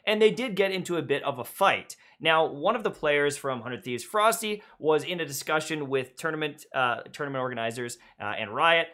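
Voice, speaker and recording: Bright-voiced man on a gaming podcast. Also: fairly high pitch, animated, brisk, hardly any pauses. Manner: loose and rambling, many fillers. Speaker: podcast co-host. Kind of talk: casual gaming podcast chat.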